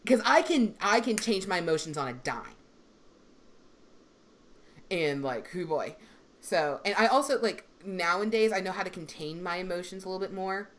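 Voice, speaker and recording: Lively young woman in a casual chat. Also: fairly low pitch, normal speed, long pauses. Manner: animated storytelling, lots of fillers, swings in loudness. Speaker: substitute teacher and voice actor. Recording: faint background noise.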